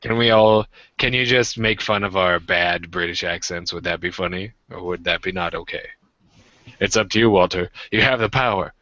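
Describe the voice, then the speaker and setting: A man's voice: low-pitched, normal speed, sharp tone, no echo, dull audio. A man from the United States hosting a livestream, joking and rambling in casual group chat. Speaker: livestream host.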